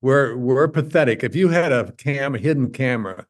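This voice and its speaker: A man as a podcast guest in casual chat, halting and self-deprecating, often repeating words as he talks. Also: mid-range voice, lively intonation.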